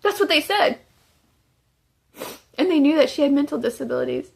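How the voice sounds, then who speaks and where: A woman's voice: sits high, expressive, moderate pace, creaky. A woman giving emotional testimony as a former inmate, urgent and pleading. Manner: urgent, pleading, tearful at times.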